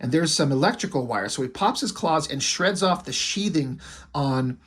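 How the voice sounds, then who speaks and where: A man's voice: a little high, expressive, moderate pace, fairly bright tone, breathy edge. A man who reviews comics and draws, retelling a story in a rambling, casual way full of fillers. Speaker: comic book reviewer and artist.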